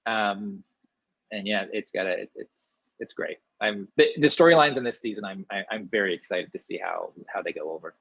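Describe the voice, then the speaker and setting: A man from small-town Ontario, Canada, an actor chatting in a casual interview, talking in a lively, rambling way with many restarts. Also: fairly low pitch, gravelly, no echo. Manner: chatty, animated, many restarts, quick asides. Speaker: actor guest. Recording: dull, dry lo-fi sound.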